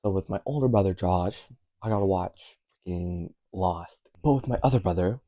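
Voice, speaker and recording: A man's voice: sits low, moderate pace, mellow, no room sound. A young man vlogging in a casual, rambling way, correcting himself and dropping wry asides.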